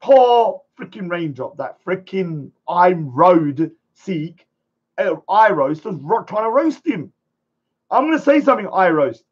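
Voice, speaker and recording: A man hosting a live stream, chatting casually and rambling, sometimes shouting at viewers. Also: sits high, big pitch swings, measured pace, breathy edge. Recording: dull lo-fi stream audio.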